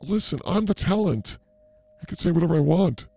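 A man's voice: fairly high pitch, lively intonation, a little fast, dark tone, no echo, faint music behind. A man playing a brash, flirty fake psychic healer in a comedy sketch, rambling through crude banter. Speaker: comedy show host.

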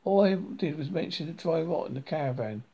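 A man voicing a grumpy, loud middle-aged mother who shouts and swears. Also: a little high, expressive, fairly quick, husky, highs cut off. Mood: indignant. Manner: shouting and cross.

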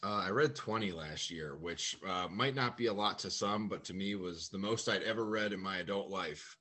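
A man's voice: deep voice, moderate pace, pushed and bright. A man guesting on a podcast as a comedian, laughing a lot and self-deprecating in casual chat. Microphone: computer mic on a call.

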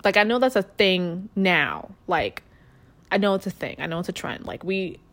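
A woman's voice: on the low side, expressive, moderate pace, a bit bright. Blunt, profane woman with a New York accent. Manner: blunt, crude and profane, talking straight to listeners. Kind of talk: casual storytelling monologue.

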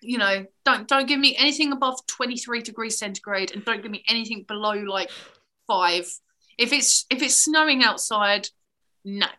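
A woman from southern England talks as a podcast guest, rambling and chatty and quick to laugh. Her voice sits a little high and sounds very bright. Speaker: guest musician. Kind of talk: casual chat.

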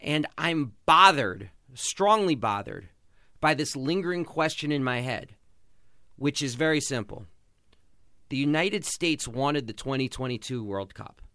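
A man's voice: medium pitch, expressive, a little slow, bright, forceful tone, dry recording, studio quality. A man hosting a podcast, giving passionate, sarcastic sports commentary. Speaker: podcast host.

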